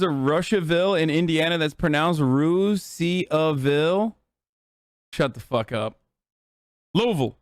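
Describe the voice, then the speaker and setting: A man in his thirties streaming live, reacting loudly to clips and chat with lots of swearing. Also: fairly high pitch, animated, unhurried, clear, resonant tone, dry recording, clean studio sound. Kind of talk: casual live-stream commentary.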